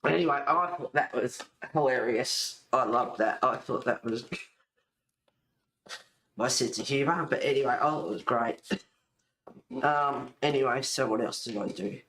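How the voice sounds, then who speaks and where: A woman's voice: extremely low pitch, measured pace, pauses often, a bit bright, a little hiss or hum. Rambling, chatty woman. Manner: rambling, chatty, laughs often. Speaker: colouring and junk-journal vlogger. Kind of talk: casual chat showing crafts. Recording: echoey room.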